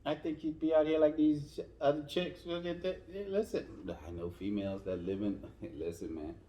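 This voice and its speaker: A man co-hosting a casual podcast about dating, telling stories in an animated way and acting out both sides of the talk. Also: fairly high pitch, normal speed, echoey room. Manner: animated storyteller who mimics both sides. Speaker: podcast co-host.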